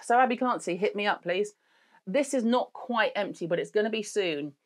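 A woman's voice: medium pitch, normal speed. A middle-aged woman, hosting a beauty product chat in a blunt, sweary, jokey way. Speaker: beauty show host. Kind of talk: casual chat reviewing products.

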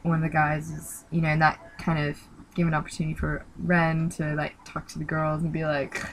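Low-voiced young woman telling a story. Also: monotone, fairly quick, slight background noise, poor audio. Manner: rambling with many fillers and quoted voices. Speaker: missionary recounting outreach. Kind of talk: casual storytelling.

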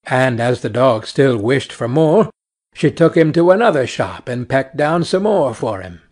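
A man narrating a fairy tale slowly and clearly for English learners. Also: mid-range voice, expressive, a little mellow.

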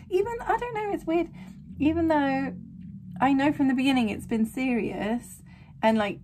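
A woman hosting a casual anime reaction, excitable and gasping, swinging between squeals and quiet murmurs. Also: medium pitch, slight background noise. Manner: excitable, gasping, frequent exclamations. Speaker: anime reaction channel host.

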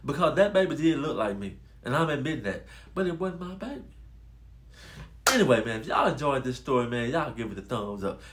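A man casually telling a personal story to his viewers, animated and addressing them as y'all. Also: medium pitch, a little fast, noisy background. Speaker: storytelling vlogger.

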